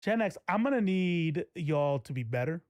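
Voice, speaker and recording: A man's voice: a little high, expressive, normal speed, darkish tone, no echo. Man in his forties, casual streamer host, rambling chatter, dry close-mic sound. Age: 40s. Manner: rambling, laughing, self-interrupting. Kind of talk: casual live-stream commentary.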